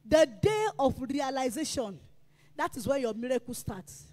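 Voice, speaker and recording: A woman preacher delivering a sermon, emphatic and repetitive, rising to shouts. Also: high-pitched, animated, normal speed, in a large hall. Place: church.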